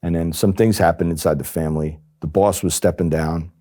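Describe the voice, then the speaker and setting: Middle-aged man, from New Jersey, low voice, dark tone, interview storytelling. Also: brisk. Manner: animated, acts out quoted voices. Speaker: former undercover agent.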